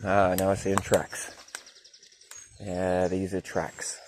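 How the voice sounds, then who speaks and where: A man walking by a river in the woods, musing aloud as he goes, often trailing off into quiet wondering remarks. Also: low-pitched, completely flat delivery, takes it slowly, background noise. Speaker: vlogger.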